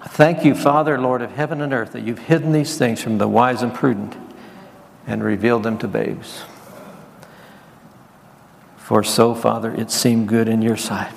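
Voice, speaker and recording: Male pastor, gravelly voice, preaching with call-and-response; long hall reverb, faint background noise. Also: medium pitch, steady tone, moderate pace, long pauses. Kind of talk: sermon.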